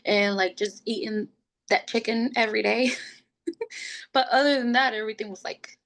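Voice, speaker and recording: Gravelly young woman telling her story. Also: on the high side, fairly even intonation, moderate pace, a bit bright. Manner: chatty, fills speech with "like", laughs often; gets emotional and open. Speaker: podcast guest sharing her pregnancy story. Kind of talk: casual personal storytelling.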